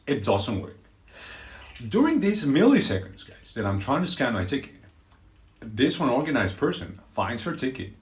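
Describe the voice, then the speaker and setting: Guy on a live stream, super animated, swearing a lot, roomy echo. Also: mid-range voice. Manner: animated, dramatic retelling with crude language. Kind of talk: storytelling chat on a live stream. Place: outdoors on a walk.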